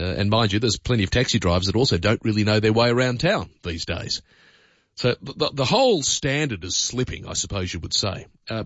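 A man's voice: medium pitch, no echo. An Australian man hosting a talkback radio show, chatting in a conversational, opinionated way with many fillers. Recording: dull lo-fi radio broadcast.

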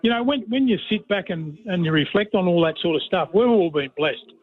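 Calling in to the radio over a tinny phone line, this middle-aged Australian ex-player turned commentator spins rambling, matey yarns in casual chat. His voice sits high, and he sounds animated and brisk.

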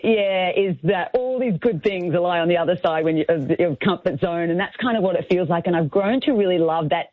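A woman's voice: lowish voice, brisk, few pauses, dry recording. Aussie lady author on the phone, encouraging, kinda tinny and dry. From Australia. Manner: earnest, encouraging, motivational. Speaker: author and speaker. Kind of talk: radio interview guest.

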